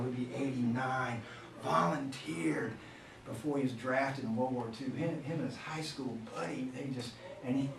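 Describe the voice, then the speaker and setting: A man's voice: mid-range voice, creaky. A man in his fifties from Florida, lecturing a workshop on classroom management and acting out scolding teachers and students along the way. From Florida, USA. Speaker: teacher trainer. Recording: echoey room, distant mic, faint noise.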